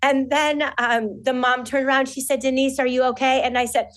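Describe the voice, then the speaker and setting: Animated woman telling wedding stories. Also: high-pitched, fairly quick, rough recording. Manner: animated storyteller, acts out quotes. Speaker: wedding coordinator. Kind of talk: storytelling interview answers.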